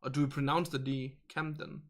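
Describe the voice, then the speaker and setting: A man's voice: a little high, moderate pace, bright, forceful tone. A young man with a Danish accent, hosting a game livestream and chatting casually with viewers in English, his second language, often restarting and asking how to say words. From Denmark. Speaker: livestream host. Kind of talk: casual chat reading viewer comments.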